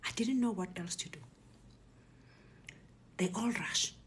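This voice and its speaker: A woman giving a personal testimony, telling her story in a hushed, breathy half-whisper and quoting what others said. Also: fairly high pitch, lively intonation, measured pace, long pauses. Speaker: speaker recounting a personal ordeal.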